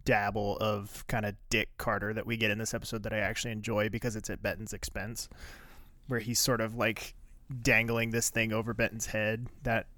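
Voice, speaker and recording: A man's voice: lowish voice, level tone, fairly quick, sharp tone, no echo. A man co-hosting a podcast, chatting casually in a loose, rambling way. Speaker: podcast co-host. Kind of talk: casual chat.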